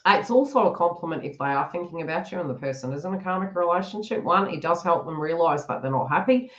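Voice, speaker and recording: A woman's voice: fairly low pitch, fast, dull audio. A woman giving a live-stream tarot reading, chatty and giggly, often acting out the listener's inner thoughts in quoted asides. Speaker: tarot reader.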